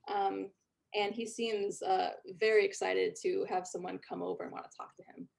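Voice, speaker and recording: A woman's voice: mid-range voice, level tone, normal speed, vocal fry, darkish tone. A woman narrating as game master in a tabletop game, chatty with many fillers.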